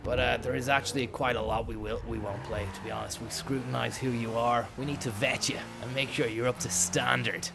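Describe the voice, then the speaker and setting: A man, telling rambling deadpan comic stories full of swearing and trailing mumbles. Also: mid-range voice, fairly quick, vocal fry, hardly any pauses, background noise. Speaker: comedian.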